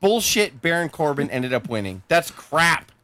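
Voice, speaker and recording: A young man co-hosting a podcast, loud and exasperated, swearing through casual rowdy banter. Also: on the high side, big pitch swings, moderate pace, no room sound. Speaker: podcast co-host.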